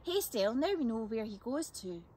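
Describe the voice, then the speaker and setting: A woman voicing an excitable young boy who blurts out his thoughts. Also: on the high side, a little fast, slightly rough.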